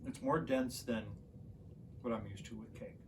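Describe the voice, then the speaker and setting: A man's voice: medium pitch, fairly even intonation, moderate pace, far from the mic, a little hiss or hum. A man giving a tasting verdict in a casual chat, tentative and searching for words. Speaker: guest taster.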